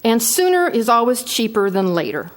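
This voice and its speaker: Woman, 60s, board member, slightly high voice, firm and emphatic persuasive delivery. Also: very animated, normal speed. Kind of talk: formal statement at a public meeting.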